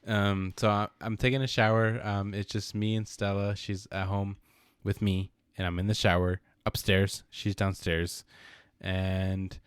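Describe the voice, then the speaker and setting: A man's voice: lowish voice, flat delivery, measured pace, clean tone, no room sound, clean studio sound. A young man co-hosting a podcast, telling a story in a rambling, laughing way and repeating himself. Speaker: podcast co-host. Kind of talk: casual storytelling.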